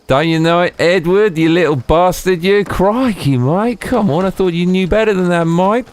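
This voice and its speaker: A man putting on a cheeky stereotypical Australian bloke's voice during a game stream, with exaggerated slang and drawn-out calls of mate. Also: deep voice, flat delivery, mellow, slight background noise. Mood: mock indignant. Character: loud stereotypical Aussie bloke, cheeky, adult male.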